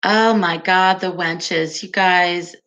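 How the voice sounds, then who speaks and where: A woman hosts a relaxed livestream chat in a soft, calming, fairly low voice, slow and unhurried. Her tone is bright and clear, and she stays easygoing and giggly answering viewers, though the audio is dull.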